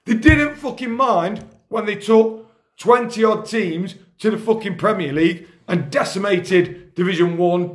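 A man's voice: sits high, roomy sound. A man hosting a casual football talk in his kitchen, ranting angrily and swearing constantly. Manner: angry, sweary, rants loudly. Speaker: podcast host, grassroots football coach.

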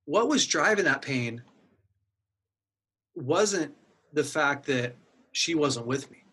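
A man's voice: a little high, pushed and bright, breathy edge. A middle-aged man earnestly telling a personal story in casual conversation, acting out his own inner dialogue. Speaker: guest sharing a personal story.

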